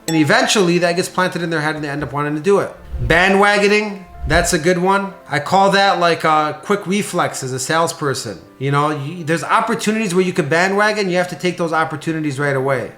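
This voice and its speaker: A man in his thirties giving a sales training talk, casual and energetic, acting out sample lines he would say to clients. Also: on the high side, fast. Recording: roomy echo with faint music.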